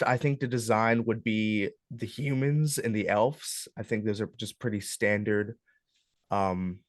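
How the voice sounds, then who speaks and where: Young guy, lowish voice, running a club class, lots of um and uh, dry close sound. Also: no echo. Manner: relaxed, hesitant, lots of ums and uhs. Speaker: club workshop instructor. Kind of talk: casual classroom walkthrough.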